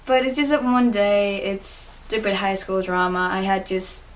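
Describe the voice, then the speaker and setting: A woman's voice: medium pitch, moderate pace. Chatty teenage girl gushing on a vlog. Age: teens. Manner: chatty, giggly, gushing, many fillers. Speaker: fan answering interview questions. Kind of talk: casual vlog monologue.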